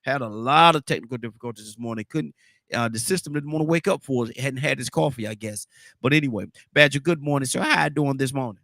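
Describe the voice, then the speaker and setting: Rambling talk show host. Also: male voice, medium pitch, fast, a bit bright, no room sound. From Atlanta, Georgia, US. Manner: repetitive, rambling, laughs often. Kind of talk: call-in radio talk show.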